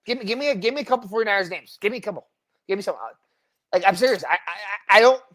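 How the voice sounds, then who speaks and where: A woman co-hosting a casual sports podcast, talking quickly with stumbles and repeated words. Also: medium pitch, animated. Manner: rapid list-reading with stumbles and repeats. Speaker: podcast co-host.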